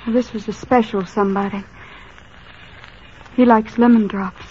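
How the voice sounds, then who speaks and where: An actress voices a shy young woman from a small town, gentle and curious, asking earnest questions. Her voice sits a little high. The old radio broadcast sounds muffled, with faint hiss. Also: fairly even intonation, unhurried, lightly acted. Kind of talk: 1940s radio acting.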